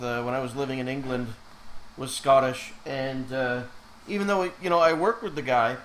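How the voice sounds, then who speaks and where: A man's voice: a little high, a bit bright, slight background noise, rough recording. A man from Canada chatting casually while streaming, rambling with fillers and self-corrections. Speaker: animator streaming live. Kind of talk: casual live-stream chat.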